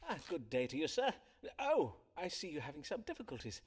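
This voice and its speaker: An actor playing a courteous doctor and astrologer of old London in a video game, speaking in archaic polite phrases. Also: male voice, a little high, huge pitch swings, a little fast, breathy edge, full character voice. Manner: archaic polite speech, forsooth and pray.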